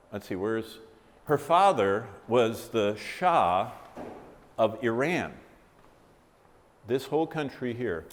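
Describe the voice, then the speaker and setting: A man preaching a sermon, telling a story vividly and asking his listeners questions. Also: mid-range voice. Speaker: Bible teacher. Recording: reverberant hall.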